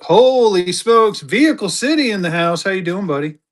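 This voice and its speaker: A man's voice: high voice, sing-song, quick pace, fairly bright tone. A man hosting a live-stream currency auction, greeting viewers by name and urging them to bid. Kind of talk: live-stream selling chat.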